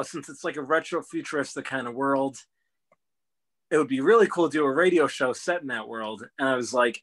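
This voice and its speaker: A man's voice: medium pitch, fairly bright tone. A man in his twenties, a guest on a chat show, talking eagerly about his work in a casual, rambling way. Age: 20s. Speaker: podcast guest.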